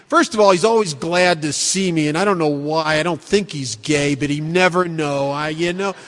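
A man's voice: on the high side, normal speed, fairly bright tone, long reverb tail. A man sharing his recovery story with a live group in a meeting room, blunt and self-mocking, full of rhetorical questions. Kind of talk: personal testimony talk to a live group.

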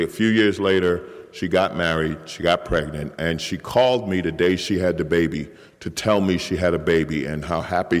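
A deep-voiced middle-aged man speaks candidly at a recovery meeting, poking fun at himself and now and then acting out the voice in his head. His words ring out with a long reverb, as if from a meeting hall. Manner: candid, self-mocking, acts out inner voice. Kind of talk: personal recovery share.

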